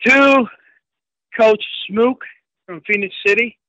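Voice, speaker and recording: A man in his fifties calling in to a sports show, chatty and friendly, giving shout-outs. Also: sits high, takes it slowly, no room sound. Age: 50s. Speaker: caller. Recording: dull phone line.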